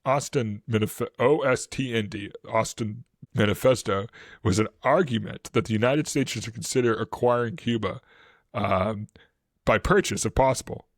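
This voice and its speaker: A man's voice: medium pitch, moderate pace, dry recording, studio quality. A man with a Boston accent, co-hosting a history podcast and explaining events casually, with many fillers and restarts. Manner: rambling with many fillers and restarts, animated when quoting.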